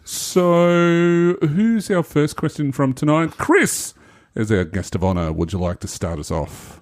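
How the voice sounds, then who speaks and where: A man's voice: a little high, expressive, measured pace, dry recording, clean studio sound. A man hosting a tabletop gaming podcast, chatty and upbeat with lots of fillers. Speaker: podcast host. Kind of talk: casual podcast chat.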